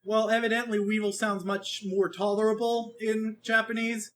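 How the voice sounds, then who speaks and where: A man with a high voice co-hosts a casual podcast chat. He talks in an animated, rambling way, swears freely and restarts his sentences often. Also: moderate pace, slight background noise. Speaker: podcast co-host reviewing an anime.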